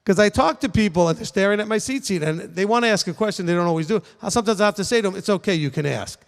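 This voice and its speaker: A man's voice: high voice, very fast, smooth. Guy rabbi teaching casual, keeps asking okay?, echoey hall. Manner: conversational, frequent "okay?" check-ins, emphatic. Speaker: rabbi answering questions.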